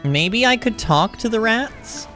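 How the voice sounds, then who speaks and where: Animated young man commentating gameplay. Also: high-pitched, slow pace, soft background music. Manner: animated, exclaiming, thinking aloud. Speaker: gaming streamer.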